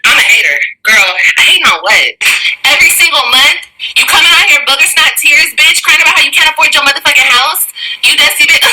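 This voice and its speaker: A woman's voice: sits high, lively intonation, a little fast, heavy background noise. A woman ranting on a livestream, mocking and taunting someone with insults.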